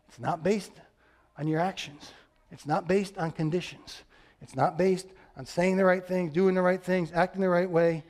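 A man preaching a sermon as pastor, earnest and emphatic, sometimes dropping soft and low for stress. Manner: earnest, emphatic, acts out quoted voices.

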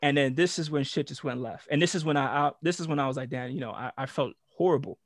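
A man with a fairly high voice tells a long story to friends, animated and profane, laughing between lines. The sound is close and dry, with no room around it. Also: fast, no echo. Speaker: podcast co-host. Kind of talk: casual storytelling chat.

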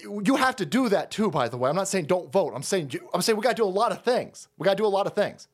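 A man's voice: high-pitched, very animated, fast talker. A man hosting a stream, delivering a heated, profane political rant full of repetition and sarcastic mock quotes.

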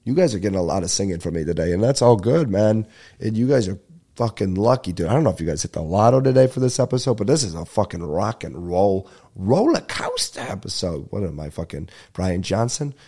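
A man hosting a podcast, rambling casually and excitedly with lots of swearing, his voice stuffed up and nasal. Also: sits low, a little fast, husky. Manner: profane, excitable, breaks into bits of singing. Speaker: podcast host.

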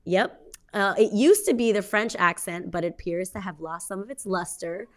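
A woman's voice: mid-range voice, moderate pace, a bit bright. A woman co-host presenting her segment in a chatty, upbeat way, with fillers and small laughs. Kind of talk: casual radio-show chat.

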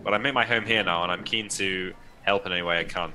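A man's voice: low-pitched, fast talker, pushed and bright, a little hiss or hum. A man taking part as a player in a tabletop role-play, earnest and hesitant.

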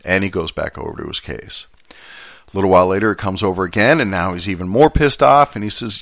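Gravelly low-voiced man telling a story. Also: fairly quick, fairly bright tone, no echo, studio quality. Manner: conversational, rambling, with self-deprecating asides. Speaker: mail carrier. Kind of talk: casual storytelling.

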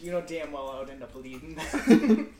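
A man's voice: a little high, sing-song, normal speed, recorded from a distance, crowd noise. Joking young man, off-mic and echoey. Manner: crude joking, laughs often. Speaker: podcast co-host. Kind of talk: casual chat. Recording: echoey room, off-mic, faint noise.

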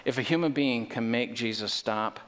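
A man's voice: mid-range voice, moderate pace, fairly bright tone. A male pastor preaches with growing fervor. He tosses in wry jokes and leans hard into key points. His voice rings out through a large hall with a long, lingering reverb. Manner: emphatic, with joking asides and rising intensity. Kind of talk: sermon.

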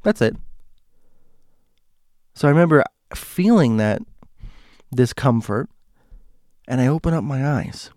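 A man casually telling a personal ghost story, halting and correcting himself as he goes. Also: medium pitch, animated, a little mellow, no room sound, clean studio sound. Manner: halting, self-correcting, conversational.

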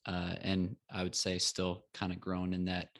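A young man from Texas co-hosts a podcast in a deep, flat voice. He reflects in a measured, casual way and keeps checking in with his listeners through quick tag questions. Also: creaky. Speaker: podcast co-host, former college athlete.

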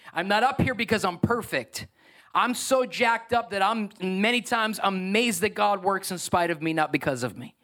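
A man preaching a sermon as pastor, emphatic and animated. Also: high voice.

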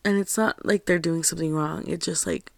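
A young woman hosting her own show, telling a personal story in a candid, confiding way, with a steady stream of "like". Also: low-pitched, brisk, vocal fry, no room sound. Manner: candid and confiding, heavy use of "like". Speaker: podcast host.

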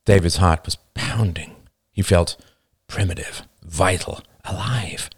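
A man reads an audiobook in a measured, soft-spoken manner. His voice is very low. The recording is close and dry. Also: slightly rough, no echo. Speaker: narrator. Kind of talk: audiobook narration.

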